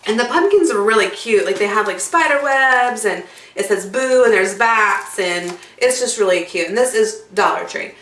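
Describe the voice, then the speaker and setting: Chatty woman with a bright, echoey sound. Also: medium pitch, expressive, moderate pace, a little hiss or hum. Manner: chatty and bubbly, with many fillers and asides. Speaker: craft video host. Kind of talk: casual craft tutorial. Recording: echoey room, mic at a distance.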